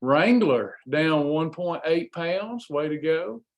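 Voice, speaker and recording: A man's voice: on the high side, expressive, slow pace, muffled recording. A man coaching weight loss on a live stream, chatting casually and greeting viewers by name in an upbeat, folksy way.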